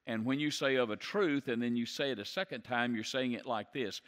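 A male pastor delivers a sermon at a middle pitch, earnest and emphatic, leaning on repeated phrases. His voice carries a long reverb, as if it fills a church sanctuary. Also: expressive, moderate pace, few pauses, fairly bright tone.

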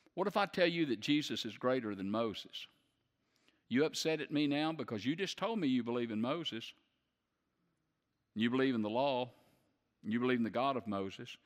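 A man's voice: medium pitch, in a large hall. A man preaching a sermon who puts questions to the congregation and builds to emphatic peaks. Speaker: pastor.

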